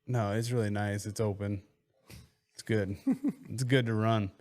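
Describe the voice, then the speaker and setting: Low-voiced man in laid-back chat. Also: level tone, measured pace, a little mellow. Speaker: podcast guest. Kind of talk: casual crude banter.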